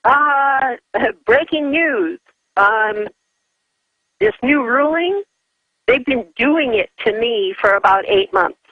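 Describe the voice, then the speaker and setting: A woman's voice: sits high, animated, slow pace, slightly rough, no room sound. Woman calling in over a dull phone line. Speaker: caller.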